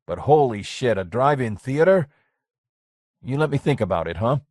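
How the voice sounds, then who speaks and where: A man's voice: mid-range voice, expressive, normal speed, a little mellow, no echo, clean studio sound, lightly acted. A man reading the lines of a blunt, skeptical businessman in his forties who swears freely. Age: 40s. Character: blunt, skeptical middle-aged businessman friend.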